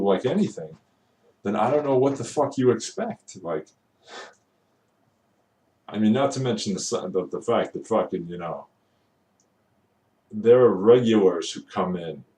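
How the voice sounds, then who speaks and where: A man's voice: lowish voice, dark tone, recorded from a distance. A man venting in a casual vlog about retail work, swearing constantly and rambling. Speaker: retail worker. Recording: roomy echo, voice away from the mic.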